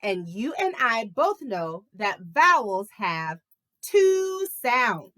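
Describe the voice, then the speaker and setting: A woman teaches a lesson to preschoolers, drawing out her words at an unhurried pace. Her voice is bright and a little high, and it swoops up and down in an exaggerated, encouraging sing-song. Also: big pitch swings. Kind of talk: teaching a video lesson to young children.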